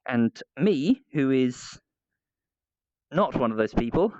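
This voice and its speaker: A man's voice: mid-range voice, sing-song, takes it slowly, a little mellow, no echo, muffled recording. A man livestreaming, chatting casually with rambling, self-mocking banter.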